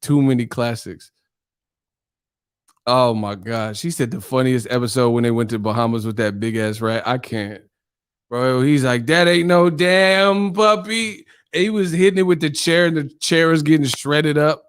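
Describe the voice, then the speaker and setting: A man's voice: mid-range voice, fairly even intonation, moderate pace, clear, resonant tone. A male channel host in a casual live-stream chat, telling stories animatedly and laughing often.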